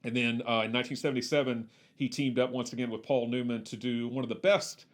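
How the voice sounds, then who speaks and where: A man co-hosting a casual film discussion, eager and talkative. He strings facts together loosely with frequent fillers and restarts, his voice sitting at an ordinary middle pitch. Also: flat delivery, fast. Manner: enthusiastic, rattles off trivia with many fillers. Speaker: podcast co-host.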